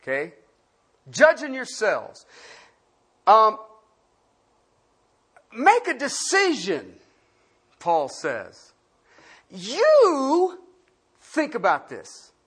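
Animated, unhurried Bible teacher with a husky voice; preaches with rhetorical questions and loud-to-quiet swings. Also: mid-range voice. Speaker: pastor. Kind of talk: Bible-study sermon.

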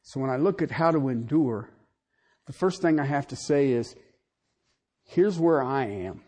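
A man preaching to his congregation in an animated, joking way. His voice swings between loud bursts and quiet, lowered prayer. He sits at an average pitch for a man. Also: a little slow, breathy edge. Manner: animated preaching with jokes and sudden drops to soft prayer. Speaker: pastor. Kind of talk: sermon.

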